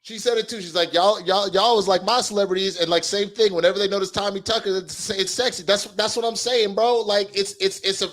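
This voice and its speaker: He's a US comedy podcast co-host whose high voice runs fairly quick with hardly any pauses. In casual comedic banter, he tells animated, profane stories and laughs a lot.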